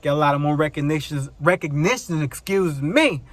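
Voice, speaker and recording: Animated ranting young man. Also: fairly high pitch, normal speed, dry recording. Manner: animated, ranting, slangy, swears often. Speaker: vlogger. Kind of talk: casual vlog chat.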